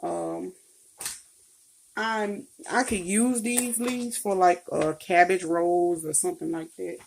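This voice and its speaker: A woman's voice: fairly low pitch, fairly even intonation, slow pace, creaky, a little hiss or hum. A woman with a Southern US accent from Mississippi, chatting casually and homey to her viewers as she cooks in her home kitchen. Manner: chatty, homey, talks straight to viewers as y'all and honey. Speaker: cooking vlogger. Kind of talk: casual cook-along chat.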